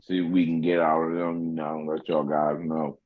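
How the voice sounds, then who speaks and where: A man's voice: very deep voice, flat delivery, moderate pace, narrow, tinny audio. A man co-hosting a podcast in laid-back, brief casual chat. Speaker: podcast co-host.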